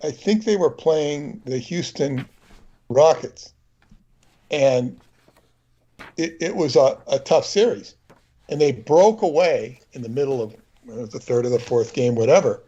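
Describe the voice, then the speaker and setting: A man's voice: mid-range voice, lively intonation, measured pace, pauses often, mellow, slightly rough, muffled recording. A man co-hosting a livestream, telling a digressive, opinionated anecdote in loose, rambling chat. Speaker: livestream co-host.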